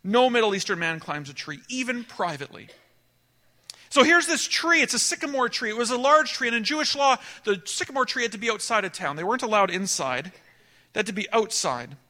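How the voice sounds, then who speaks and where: A man preaching a sermon, telling a story with animated delivery that swings between emphatic and hushed. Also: sits high, fairly quick.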